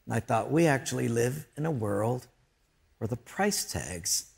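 A man's voice: medium pitch, expressive, measured pace, creaky, darkish tone. A man pastor preaching a sermon, storytelling with jokes and earnest emphasis.

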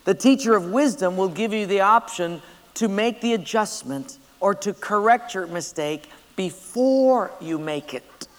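Male preacher, emphatic sermon, high voice, long hall reverb. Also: animated, a little slow. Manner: storytelling, emphatic.

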